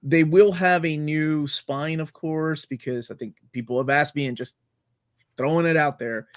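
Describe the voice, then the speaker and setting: Comic books are the topic as a man from Latin America hosts a relaxed video-call podcast, talking excitedly and rambling with many fillers. His slightly high voice keeps a fairly even intonation at normal speed, in a dry recording.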